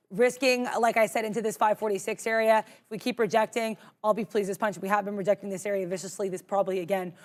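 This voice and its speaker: A woman co-hosting a live trading show, chatty and self-deprecating as she talks through her trades. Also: on the high side.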